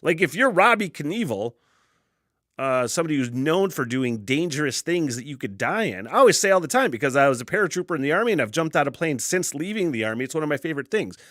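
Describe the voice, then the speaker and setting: A man's voice: on the high side, quick pace, no room sound. A man hosting his own podcast, telling rambling stories full of swearing and chuckling at himself from a basement studio. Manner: profane, animated storytelling with self-laughs. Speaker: podcast host. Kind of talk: casual solo podcast rambling.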